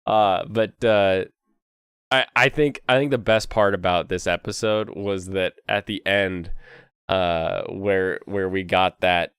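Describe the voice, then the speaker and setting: A man's voice: sits low, fairly even intonation, slow pace, a bit bright, clean tone, no echo, clean studio sound. A young man hosting a casual anime chat while sick, rambling with many fillers and frequent laughs. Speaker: host.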